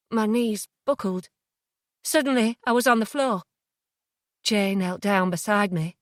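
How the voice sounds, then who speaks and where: A woman narrating a thriller audiobook in the first person, hushed and tense. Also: mid-range voice, unhurried, long pauses, no echo, studio quality.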